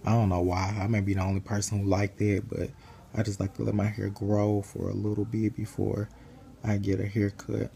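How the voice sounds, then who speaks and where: A tired young man talking casually to his camera while lying in bed, rambling in a relaxed way. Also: fairly low pitch, normal speed, creaky. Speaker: vlogger. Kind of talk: casual chat.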